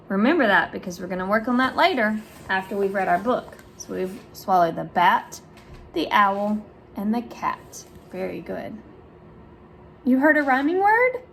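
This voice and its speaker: Slow, sing-song woman speech therapist. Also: a bit bright, a little hiss or hum. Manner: slow, sing-song, with big exaggerated pitch jumps for praise; overarticulates sounds for young listeners. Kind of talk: reading a picture book aloud and quizzing children.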